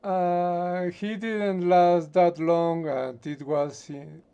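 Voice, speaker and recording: Brief: Mexican-accented man, slow, mellow, dry understatement. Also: high-pitched, steady tone, smooth, dull audio. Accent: Mexican Spanish. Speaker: show contributor.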